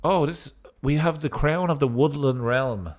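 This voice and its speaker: A man's voice: fairly high pitch, a little slow. A man giving casual gameplay commentary as a streamer, in a goofy mood with joking asides. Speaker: gaming streamer.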